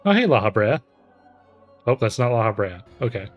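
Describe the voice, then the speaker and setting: A man's voice: mid-range voice, lo-fi sound. A man streaming a game, chatting casually with friends and laughing often.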